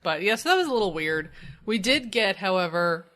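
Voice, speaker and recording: A man's voice: sits high, very animated, a little fast, pushed and bright. A man co-hosting a podcast, chatting casually and bluntly, with casual swearing. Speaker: podcast co-host. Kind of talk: casual chat.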